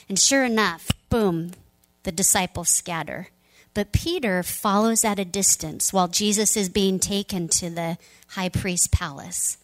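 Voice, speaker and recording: A woman pastor giving a sermon, retelling a story in a conversational, animated way. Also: medium pitch, poor audio.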